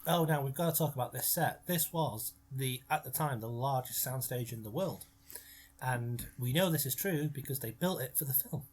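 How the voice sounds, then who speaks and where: A man's voice: medium pitch, normal speed. A man co-hosting a casual film commentary, joking around and eating while he talks. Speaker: commentary co-host.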